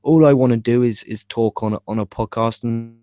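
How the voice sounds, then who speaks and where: A man's voice: mid-range voice, steady tone, fairly quick, dark tone, no room sound, studio quality. A young man hosting a live wrestling chat show, frustrated and swearing, rambling with repeated stammers into a cheap microphone. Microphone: cheap USB microphone.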